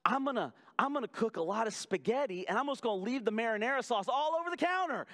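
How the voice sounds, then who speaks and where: A male pastor delivers his sermon in a notably high voice, talking to the congregation like a friend. He mixes sarcastic asides with phrases he stretches out slowly for weight. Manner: conversational and animated, with sarcastic asides and emphatic slow phrases.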